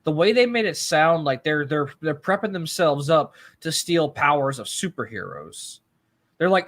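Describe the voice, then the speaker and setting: A man's voice: on the high side, lively intonation, moderate pace, fairly bright tone. A man co-hosting a casual podcast chat, sure of his predictions, with lots of "like" and "I mean.". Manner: confident predictions, filler-heavy. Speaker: podcast co-host.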